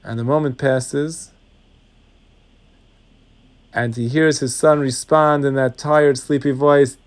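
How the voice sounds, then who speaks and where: A man preaching as a rabbi, telling a parable that he acts out, with his voice dropping to hushed tones. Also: mid-range voice, fairly even intonation, takes it slowly, pauses often. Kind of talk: sermon with parable.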